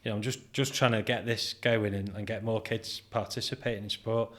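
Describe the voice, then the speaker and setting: A British man in his forties, a guest on a podcast, recounts his start in business in a relaxed, chatty way. His voice sits fairly low, and he slips into quoted dialogue as he tells his stories, breaking into laughter along the way. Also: a little fast. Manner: animated anecdote-telling, acts out quoted dialogue, laughs often. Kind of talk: casual interview storytelling.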